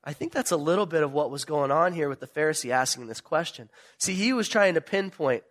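A male pastor preaching a sermon, retelling a parable with animated storytelling and emphatic questions. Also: on the high side, a little fast, hardly any pauses.

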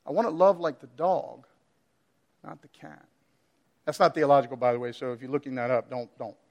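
A man's voice: medium pitch, steady tone, brisk, vocal fry. A man preaching a sermon, laughing often and acting out his pets in put-on voices.

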